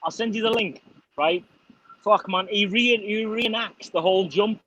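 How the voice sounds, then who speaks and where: A man's voice: sits high, normal speed, fairly bright tone, low-quality recording. A man from Liverpool with a Liverpool accent, chatting casually with friends on a call, swearing constantly and laughing a lot. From Liverpool, England. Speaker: channel host. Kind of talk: casual chat on a video call.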